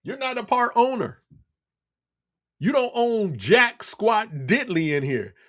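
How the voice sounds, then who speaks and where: A man's voice: extremely high pitch, very animated, takes it slowly, a bit bright. A man hosting a radio talk show, delivering a blunt, scolding political monologue with lots of repetition. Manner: blunt, scolding, repeats himself.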